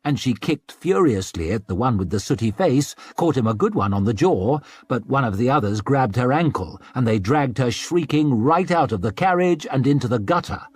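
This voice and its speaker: Husky, lively male audiobook narrator. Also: mid-range voice, normal speed, hardly any pauses. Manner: expressive narration with scornful character asides. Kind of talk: scripted narration.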